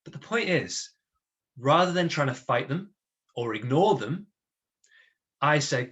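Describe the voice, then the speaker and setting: A man giving a motivational webinar to an online audience, chatty and energetic, often checking in with his listeners. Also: on the high side, unhurried, long pauses. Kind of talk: lively talk to an online audience.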